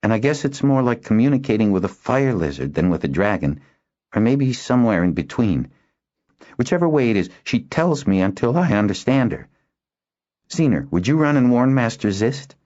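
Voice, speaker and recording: A man voicing a quiet, steady young boy in an audiobook, speaking calmly and firmly. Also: mid-range voice, pitched above the performer's own voice, natural voice. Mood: thoughtful. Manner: calm, firm and measured. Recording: dull lo-fi recording.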